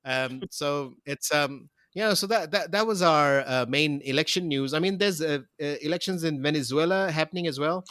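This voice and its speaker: A man's voice: a little high, fairly bright tone, no room sound, studio quality. Rambling man hosting a podcast. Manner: rambling, halting, many restarts and fillers. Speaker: podcast host. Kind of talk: casual chat.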